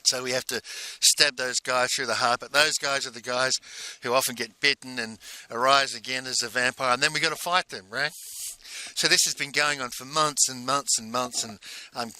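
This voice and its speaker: A man telling a personal story in a casual, halting way, full of restarts and repeated words. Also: mid-range voice, sharp tone, no echo. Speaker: speaker recounting a personal exercise.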